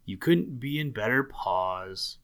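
Man voicing a smug old muskrat doctor: gruff, severe, bossy, slow storybook delivery. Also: mid-range voice, animated, fairly bright tone. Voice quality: gruff, growling.

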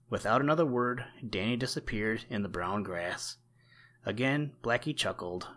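A man with a low voice narrates a classic animal storybook. His reading is steady and measured, slowing down for chapter titles and little rhymes. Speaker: audiobook narrator.

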